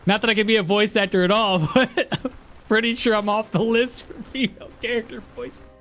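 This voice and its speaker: A man's voice: high-pitched, steady tone, moderate pace, a bit bright, slight background noise. A man giving casual, rambling gameplay commentary as a streamer, often laughing at himself. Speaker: game streamer.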